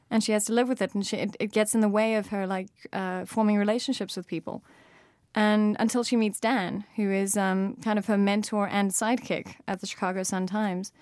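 A woman's voice: mid-range voice, a little mellow, no echo, clean studio sound. A woman author with a South African accent, talking thoughtfully in an interview with frequent fillers and restarts.

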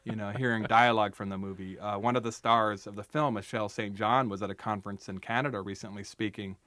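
A man's voice: on the low side, steady tone, fast, pushed and bright, no echo. A young adult man from the United States, a writer talking as an interview guest in an emphatic, wry, storytelling way with frequent restarts. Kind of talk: animated conversational interview.

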